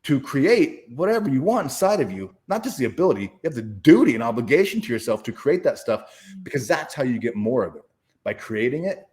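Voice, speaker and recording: A man's voice: mid-range voice, big pitch swings, fairly quick, a little mellow. A man talking as a guest in an interview, telling a personal story in a casual, profane, emphatic way with many restarts. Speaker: guest speaker and author.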